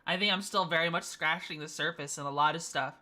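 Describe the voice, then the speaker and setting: Bright-voiced woman streamer chatting casually. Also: deep voice, fast talker. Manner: chatty, laughs often, playful. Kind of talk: casual gaming stream chat.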